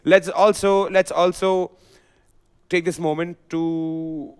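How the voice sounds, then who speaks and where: A man casting esports live, playful and excitable, teasing his co-caster. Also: fairly high pitch, slow pace, clear, resonant tone.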